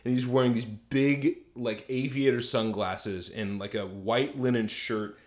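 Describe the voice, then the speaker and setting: A man co-hosting a podcast, telling a story in crude, animated casual chat with lots of fillers. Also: mid-range voice, unhurried. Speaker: podcast co-host.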